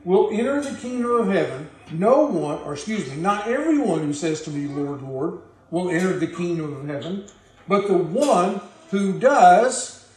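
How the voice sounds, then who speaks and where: A man's voice: sits high, very animated, a little slow, darkish tone, reverberant, rough recording. A man preaching a sermon, reading scripture aloud and pressing its points on his listeners in an earnest, emphatic way. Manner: earnest, emphatic, addresses the congregation directly.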